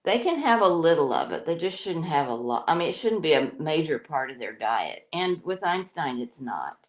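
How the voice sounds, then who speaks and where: A woman's voice: deep voice, sing-song, moderate pace. A middle-aged woman hosting a casual home stream, rambling and chatty with plenty of fillers and restarts. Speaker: parrot owner and show host. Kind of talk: casual live-stream chat. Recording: roomy echo.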